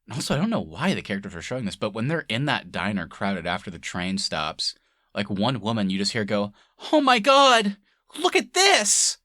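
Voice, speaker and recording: Lively laughing podcast host man. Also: on the low side, fairly quick, no echo, studio quality. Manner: laughs often, lively retelling. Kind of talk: casual chat.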